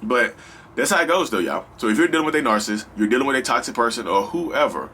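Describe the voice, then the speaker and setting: A man hosting a casual advice vlog, talking straight to his viewers in an animated, slangy, rambling way. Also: mid-range voice, quick pace, a little hiss or hum. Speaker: vlog host.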